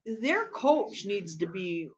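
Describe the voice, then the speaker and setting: A woman co-hosting a casual live stream while watching a football game, loud and excitable, cursing and yelling at the plays. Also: medium pitch, slow pace. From United States.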